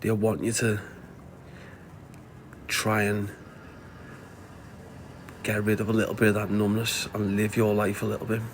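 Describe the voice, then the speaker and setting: A man's voice: on the low side, monotone, unhurried, long pauses, slight background noise. A middle-aged man with a Scouse accent, hosting a casual livestream and giving blunt, sweary life advice to viewers. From Liverpool, England. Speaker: live stream host answering viewer comments.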